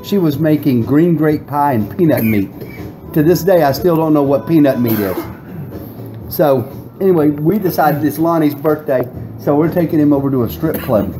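A man's voice: fairly high pitch, moderate pace, over music, low-quality recording. A middle-aged man telling a long, rambling story in casual chat, often laughing. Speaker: guest.

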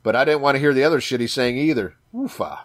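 A man with a Chicago accent talks over music on a casual podcast. His voice sits at a middling pitch, and he swears freely and repeats words as his excitement runs ahead of him. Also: very fast. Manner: profane, enthusiastic, repeats words. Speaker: podcast co-host. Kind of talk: casual chat.

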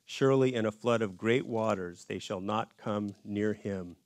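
A man giving a conversational Bible study in a church, in a casual and relaxed way with folksy asides. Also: on the low side, moderate pace, dry recording. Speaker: Bible teacher.

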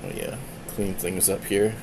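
Low-voiced man rambling on a stream. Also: very animated, normal speed, vocal fry, heavy background noise. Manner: rambling, self-deprecating, muttering to himself. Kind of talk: casual live-stream chat.

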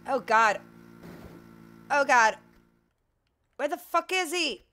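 A woman's voice: high-pitched, animated, takes it slowly, sharp tone, a little hiss or hum. A woman whose first language is Portuguese, playing a video game and commenting casually, muttering to herself and exclaiming and swearing when things go wrong. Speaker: gaming streamer.

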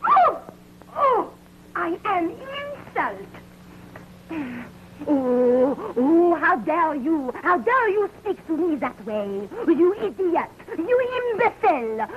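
An actress playing a vain, temperamental young French film star with a French accent, coquettish and given to fiery theatrical outbursts. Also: female voice, extremely high pitch, heavily acted. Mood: furious. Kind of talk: 1920s early talkie acting. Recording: dull early film soundtrack, faint hiss.

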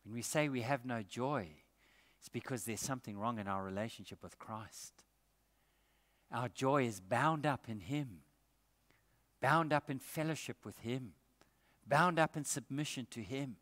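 Bright-voiced pastor preaching. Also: male voice, mid-range voice, measured pace, long pauses. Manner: earnest, emphatic preaching. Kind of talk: sermon. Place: church. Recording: echoey church hall.

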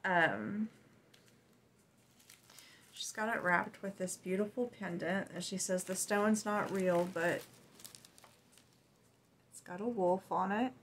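A woman's voice: medium pitch, slight background noise, poor audio. A woman vlogger chatting casually and gushingly as she unboxes gifts. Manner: warm, gushing, unhurried.

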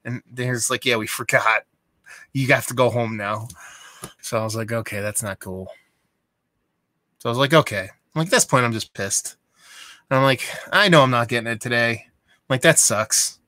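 A young adult man talks straight to camera in a casual vlog, rambling and exasperated as he tells his story. His voice is bright and forceful, and the sound is dry and close, with no room echo. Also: mid-range voice, normal speed, long pauses. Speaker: beer vlogger.

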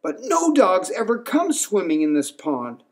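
A man's voice: high voice, wildly swooping pitch, measured pace, heavily acted. A man doing a scoffing skeptical frog. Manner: mocking and incredulous.

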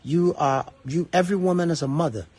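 Raspy, heated middle-aged Ghanaian man. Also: fairly high pitch, brisk, darkish tone. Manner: angry, profane, switching between English and Twi. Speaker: entertainer addressing fans. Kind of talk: heated social media rant.

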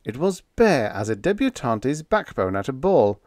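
A man narrating a humorous story in the first person, with lively, expressive storytelling. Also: medium pitch, normal speed, no room sound, studio quality. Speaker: audiobook narrator.

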